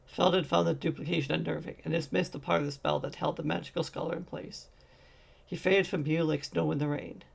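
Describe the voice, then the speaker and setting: A man's voice: on the high side, steady tone, fairly quick, vocal fry, slightly rough. A man narrating a fantasy short story as a fan audiobook, reading steadily with occasional slips.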